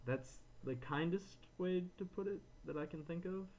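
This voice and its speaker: A man co-hosting a podcast, telling a frustrated story in casual chat, animated and ranting, slipping into quoted voices. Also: high voice, normal speed, a little hiss or hum. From Florida, USA. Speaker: podcast co-host.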